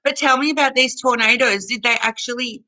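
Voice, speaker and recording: A woman's voice: on the high side, a little fast, bright, forceful tone, low-quality recording. A woman hosting a casual live chat from home on her computer, reading viewers' comments aloud and thanking them, chatty and at times emotional. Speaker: livestream host reading chat.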